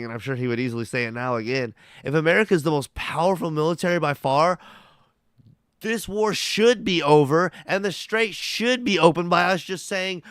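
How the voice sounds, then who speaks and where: A man hosting a news-commentary show, blunt and mocking and quick to swear. His voice sits a bit high for a man and is recorded close in a dry room with no echo. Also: fairly bright tone, clean tone. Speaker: host commenting on news clips. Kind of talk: profane, heated political commentary.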